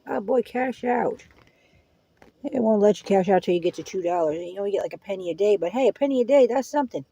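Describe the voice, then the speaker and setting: A woman's voice: mid-range voice, lively intonation, fast, mellow, husky, no echo. A woman hosting a casual live-stream hangout, rambling in a folksy way and dropping prayerful asides. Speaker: livestream host.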